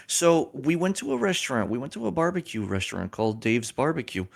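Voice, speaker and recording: A man's voice: medium pitch, sing-song, a little fast, gravelly. A man in his thirties, a podcast guest who tells a jokey, profane story with dramatic flair. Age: 30s. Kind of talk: casual chat.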